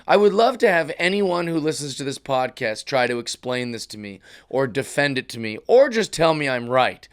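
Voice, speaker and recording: A middle-aged man hosts his own comedy podcast, ranting through a casual monologue and slipping into mocking voice impressions. His voice is fairly high-pitched, a bit bright, and smooth.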